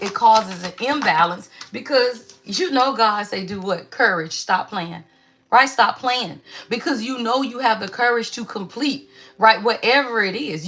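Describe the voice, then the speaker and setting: A woman's voice: mid-range voice, sharp tone. A woman giving a casual spiritual card reading, chatty and emphatic, often saying "y'all".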